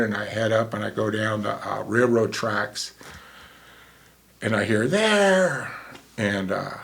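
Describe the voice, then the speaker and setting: A man's voice: lowish voice, vocal fry, a bit bright. A man in his sixties, a former paramedic, telling a vivid story in a casual way and acting out the dialogue.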